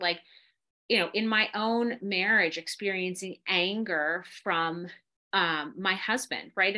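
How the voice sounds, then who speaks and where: Bright-voiced animated woman guest. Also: medium pitch. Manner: animated, laughs while talking, quick asides. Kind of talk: casual conversation.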